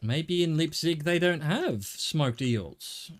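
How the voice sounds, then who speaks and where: A man's voice: on the high side, animated, slow pace. A middle-aged man with an Australian accent, chatting casually and wryly to his viewers while he plays a game. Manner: rambling, wry, jokey asides to chat. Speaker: game streamer. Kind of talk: casual live-stream chatter while gaming.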